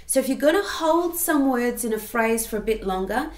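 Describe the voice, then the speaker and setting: A woman's voice: fairly high pitch, expressive, normal speed, reverberant. A woman giving a singing lesson, explaining step by step and breaking into sung examples. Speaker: singing teacher.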